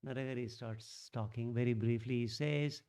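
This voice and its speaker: A middle-aged man, telling a devotional story at a satsang in a rambling, animated way, restarting often and bursting out louder. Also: medium pitch, normal speed, smooth. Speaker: satsang speaker.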